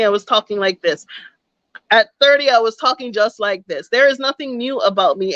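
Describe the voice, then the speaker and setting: A woman's voice: a little high, a bit bright, no echo. A woman in her thirties giving an emphatic, preachy motivational talk with folksy asides. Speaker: motivational speaker. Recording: dull, dry lo-fi sound.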